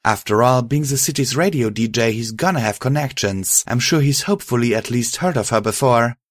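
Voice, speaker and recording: A man voicing a level-headed female pony who speaks calmly and practically. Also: medium pitch, fairly quick, no room sound, studio quality, close to an everyday voice. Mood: earnest.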